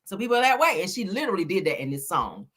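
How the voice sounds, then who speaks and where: A woman's voice: on the low side, sing-song, very fast, a bit bright, slightly rough. A woman giving casual celebrity gossip commentary in a sassy, emphatic way, peppering her talk with "honey" and "child.".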